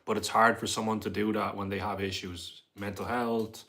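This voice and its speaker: Low-voiced young man chatting on a livestream. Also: little pitch movement, normal speed, gravelly, fairly bright tone. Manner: rambling, reads viewer comments aloud and answers them. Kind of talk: casual livestream chat, reading comments.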